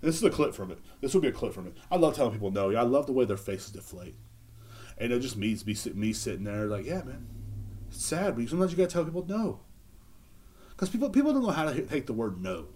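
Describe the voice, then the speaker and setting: A man's voice: lowish voice, very animated, quick pace, a little mellow, breathy edge. A man hosting a casual solo podcast, rambling and joking with lots of swearing and filler words. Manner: rambling, joking, profane, laughs at own bits. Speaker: podcast host.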